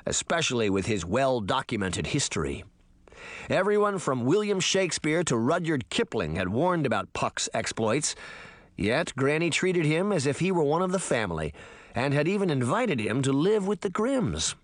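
A man narrating a children's novel in an expressive storytelling manner, voicing each character. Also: mid-range voice, moderate pace, dry recording, studio quality. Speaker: audiobook narrator. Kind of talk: scripted narration.

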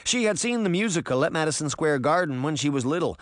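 A man narrating a story as an audiobook, with expressive storytelling. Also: on the high side, fast, no echo, studio quality.

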